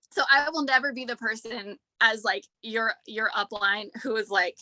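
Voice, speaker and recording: A woman in her thirties, earnest and emotional, talks in a loose, rambling way with lots of "like" and "um." Her voice is fairly high and sharply bright. The sound is close and dry, as on a video call. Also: normal speed, hardly any pauses, no echo. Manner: rambling, heavy use of "like" and "um". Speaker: speaker at a team leadership training. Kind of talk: casual heartfelt talk.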